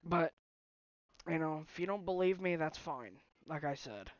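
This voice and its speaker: A man's voice: on the high side, animated, moderate pace, no echo, highs cut off. A young man talking to his viewers on a phone stream, upset and sighing, his voice close to breaking. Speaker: livestreamer. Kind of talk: emotional personal talk to viewers.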